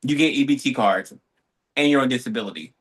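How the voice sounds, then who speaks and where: A man co-hosting a podcast, telling a story in lively, casual chat with quick asides. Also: medium pitch. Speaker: podcast co-host.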